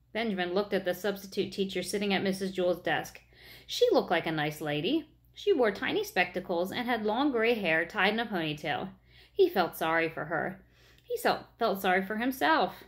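A woman reading a children's chapter book aloud, with expressive narration. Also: medium pitch, moderate pace. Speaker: reader.

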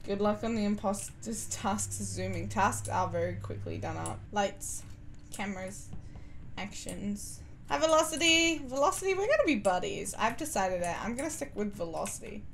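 Animated, playful woman streamer. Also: mid-range voice, moderate pace, gravelly, slight background noise. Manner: playful, animated, chatty and giggly. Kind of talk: gaming commentary with viewers.

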